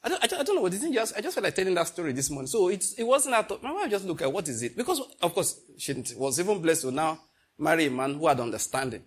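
A middle-aged Nigerian man preaching a sermon, telling stories and slipping into pidgin, moving between loud and hushed delivery. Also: sits high, sing-song, fast, husky. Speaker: pastor. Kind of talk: sermon with storytelling.

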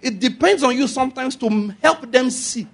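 Nigerian preacher guy, high husky voice, keeps repeating himself and laughing. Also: moderate pace, a bit bright. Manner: emphatic, repetitive exhortation with frequent chuckles. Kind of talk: sermon.

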